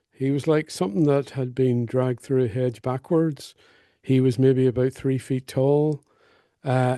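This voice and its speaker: A middle-aged man with a Northern Irish accent tells stories slowly and wryly. His voice is dark and mellow and sits a little high for a man. The sound is dry and close. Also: no room sound. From North Belfast. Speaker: guest songwriter and storyteller. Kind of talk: conversational storytelling.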